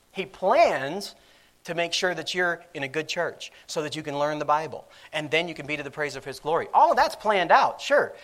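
A man's voice: fairly high pitch, a bit bright. A man preaching a sermon in a conversational style, acting out quoted voices with lots of fillers.

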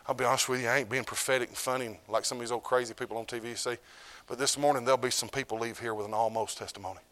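A middle-aged preacher with a drawl delivers a sermon. His voice sits at an ordinary pitch for a man. He rises to loud, emphatic peaks, then drops to quiet, low asides. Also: fairly even intonation, racing. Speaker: pastor.

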